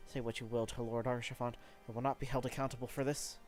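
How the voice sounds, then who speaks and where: A man's voice: mid-range voice, level tone, quick pace, darkish tone, faint music behind, lightly acted. A man voicing a defensive, offended porter while reading game dialogue aloud. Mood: indignant. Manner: huffy, offended.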